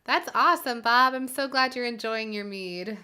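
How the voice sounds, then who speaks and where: A woman's voice: fairly high pitch, moderate pace, pushed and bright, smooth. A woman hosting her own live music stream, chatting casually with viewers, giggly and full of fillers.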